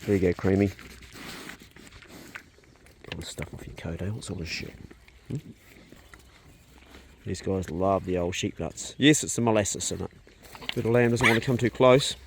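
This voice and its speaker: A man's voice: low-pitched, normal speed, long pauses, slight background noise. Easygoing male homesteader outdoors. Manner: chatty, easygoing, talks to his animals. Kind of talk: casual outdoor vlog commentary. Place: outdoors on a rural farm paddock. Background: sheep and dogs nearby.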